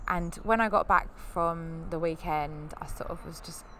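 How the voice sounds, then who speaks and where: A woman in her thirties hosts a podcast, speaking candidly and at length in a rambling, heartfelt way. Her voice sits a little low, and it livens up whenever she acts out what someone said. A faint hiss of room ambience sits under her voice. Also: unhurried. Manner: candid, rambling, animated when quoting others. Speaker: podcast host. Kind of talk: personal storytelling.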